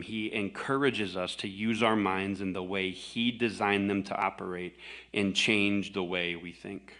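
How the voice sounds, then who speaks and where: Brief: male pastor, bright forceful tone, conversational emphatic sermon delivery. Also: fairly low pitch, fairly even intonation, measured pace.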